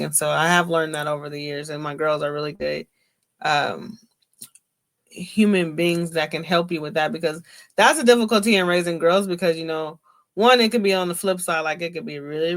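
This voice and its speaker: A middle-aged woman co-hosting a casual podcast chat, reflecting and giving advice in a rambling way with fillers. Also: sits low. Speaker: podcast co-host.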